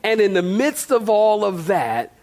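Brief: man with a fairly high voice, pastor mid-sermon, animated storyteller, playful church delivery. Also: a little slow. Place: church sanctuary.

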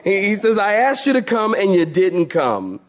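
A male pastor preaching a sermon with lively, comic energy. His voice sits a little high for a man, and he acts out the voices in the story he tells. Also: moderate pace. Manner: animated, laughs while preaching, acts out quoted voices.

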